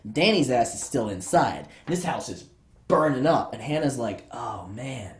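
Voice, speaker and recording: A man's voice: mid-range voice, very animated, moderate pace. A young man recapping a children's horror book for laughs, rambling, sarcastic and swearing freely. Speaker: podcast host. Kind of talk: profane comedic book recap. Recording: roomy echo.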